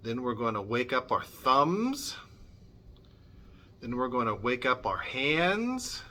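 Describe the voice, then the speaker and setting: A man's voice: mid-range voice, big pitch swings, takes it slowly, long pauses, sharp tone, a little hiss or hum. A middle-aged man leading a children's church music lesson, upbeat and coaxing, modelling sounds for the kids.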